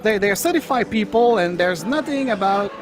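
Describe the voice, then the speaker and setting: High-voiced man hosting a live panel. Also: animated, moderate pace, over music. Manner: jovial, inviting others in. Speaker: host. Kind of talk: casual panel moderation.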